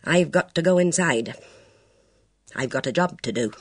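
A reader doing a low-key police inspector. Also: male voice, animated, moderate pace, breathy edge, no echo. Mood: musing. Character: dry, reserved police chief inspector.

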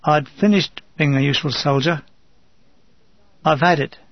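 A man's voice: on the high side, normal speed, no echo, muffled recording. A man narrating his own wartime memoir in a dry, wry voice that turns urgent and shaken. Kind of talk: first-person wartime memoir reading.

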